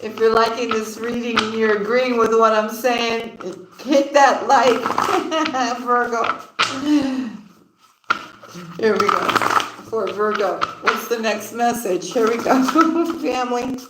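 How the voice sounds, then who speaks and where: A woman's voice: on the high side, level tone, unhurried, very noisy. A woman giving a casual tarot reading, laughing often and repeating her phrases. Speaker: tarot card reader. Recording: roomy echoey room.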